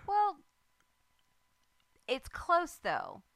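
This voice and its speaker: A woman's voice: very high-pitched, wildly swooping pitch, very slow, vocal fry, fairly bright tone, no echo. A woman co-hosting a podcast, teasing her co-host with laughter and swearing in casual chat.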